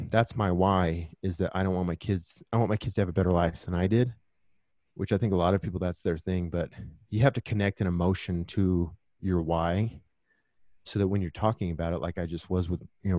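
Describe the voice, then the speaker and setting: A man's voice: sits low, dark tone, no room sound. A man talking earnestly and reflectively as a podcast guest, telling stories from his own life in a casual conversation.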